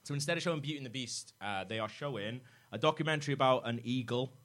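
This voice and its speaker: A young man hosting a podcast, telling a story in casual comedic chat with swearing, constant laughter and quick asides. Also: medium pitch, fairly bright tone. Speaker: podcast host.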